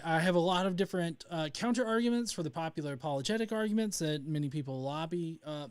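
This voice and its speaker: Young guy from north alabama on a home livestream, kinda high voice, lots of ums and false starts. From North Alabama, USA. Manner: rambling with many fillers and restarts. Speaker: livestream host. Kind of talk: casual livestream chat.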